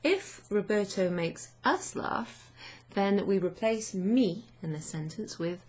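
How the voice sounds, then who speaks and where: A woman language teacher explaining grammar to her students in an unhurried way, thinking aloud with many fillers. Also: medium pitch, expressive, darkish tone.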